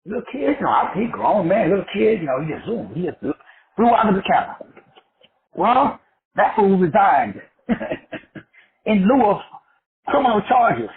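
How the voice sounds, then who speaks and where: A man rambles through a profane motivational talk, swinging his high voice up and down like a street preacher. The sound is thin and phone-like. A faint hiss sits under it. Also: sing-song, moderate pace, pauses often. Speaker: motivational speaker. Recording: tinny phone-like audio with faint background noise.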